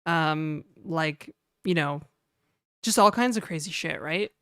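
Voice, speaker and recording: Casual woman streamer, lower voice, smooth and clean, dry close mic, rambling chat with fillers. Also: takes it slowly, a bit bright, no room sound. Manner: chatty, reads chat aloud, frequent fillers.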